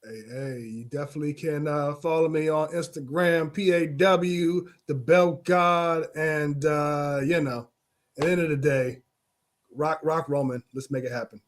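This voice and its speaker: A man's voice: a little high, fairly even intonation, measured pace. A man co-hosting a wrestling podcast in casual chat, easygoing and laid-back. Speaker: podcast co-host.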